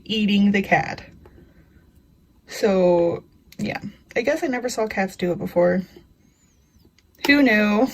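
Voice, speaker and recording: A woman's voice: medium pitch, gravelly, rough recording. A young woman chatting casually to her viewers as a craft vlogger, rambling from one story to the next with plenty of filler. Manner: chatty, rambling storyteller with frequent "you know" and laughs. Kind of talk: casual chat.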